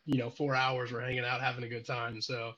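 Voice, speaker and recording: A man's voice: medium pitch, level tone, a little fast, bright, forceful tone. A man from Illinois chatting casually as a guest on a stream, telling rambling stories with a frequent giggle. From Illinois, United States. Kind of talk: casual chat. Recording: dull lo-fi audio.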